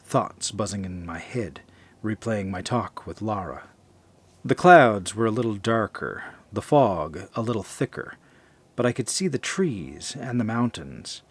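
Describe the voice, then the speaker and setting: A man narrating a first-person horror story in a measured, confessional way. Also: fairly low pitch, slightly rough.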